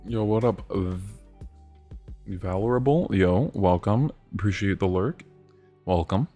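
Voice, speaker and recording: A man in his twenties hosting a livestream, ranting excitably with lots of swearing and laughter. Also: fairly low pitch, slow, faint music behind. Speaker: livestream host. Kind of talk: livestream rant.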